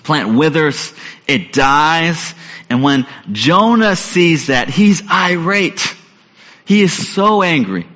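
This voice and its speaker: A man's voice: fairly high pitch, lively intonation, slow, fairly bright tone. A man preaching a sermon in an earnest, conversational way, asking his listeners questions. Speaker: pastor. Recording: echoey hall, dull lo-fi sound.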